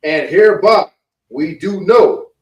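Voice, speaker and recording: Guy reading bible verses out loud, lively pitch, roomy echo, sits far back from the mic. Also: takes it slowly, dull audio. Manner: plain, repeats verses on cue. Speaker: scripture reader. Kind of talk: reading scripture aloud. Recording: echoey room, far from the mic.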